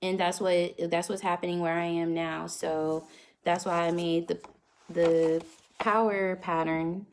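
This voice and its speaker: Chatty young woman, lower voice. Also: flat delivery, a little slow, a little hiss or hum. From North Carolina. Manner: rambling, chatty, laughs often. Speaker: vlogger answering live comments. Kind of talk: casual livestream chat. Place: at home. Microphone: phone front camera.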